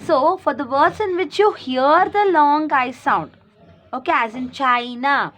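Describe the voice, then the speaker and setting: A woman's voice: high voice, a little slow, a bit bright. A woman, teaching young children and explaining each word again and again, asking questions and answering them herself. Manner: repeats and explains words, asks and answers her own questions. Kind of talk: recorded classroom lesson for young children.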